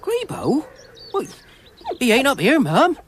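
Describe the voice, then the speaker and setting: A woman's voice: high voice, wildly swooping pitch, slow pace, a little hiss or hum, heavily acted. A woman voicing an anxious, rambling young man in a cartoon. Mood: panicky. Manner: panicky, rambling, stammering. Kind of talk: animated cartoon voice acting.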